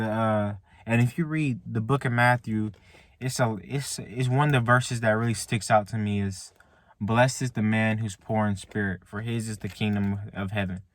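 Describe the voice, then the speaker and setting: A man's voice: medium pitch, no echo. A man in a car telling a faith story to his viewers in loose casual talk, tagging lines with "man" and restarting often. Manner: relaxed, repeats "man" and "like" often, halting restarts. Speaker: vlogger. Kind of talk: casual faith testimony to camera. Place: inside a car.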